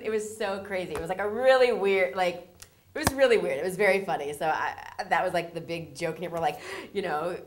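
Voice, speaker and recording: A woman casting director telling a story in an interview, excitable, acting out both sides of the conversation and breaking into shrieks of disbelief. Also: on the low side, a little fast, noisy background.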